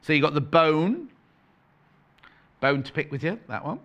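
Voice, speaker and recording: A man hosting a live shopping channel, talking in a bright, fairly high voice that swings up and down a lot. His patter is chatty and playful, full of asides and price call-outs from a studio. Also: very animated, measured pace, muffled recording. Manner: chatty, playful, self-correcting, reads out prices.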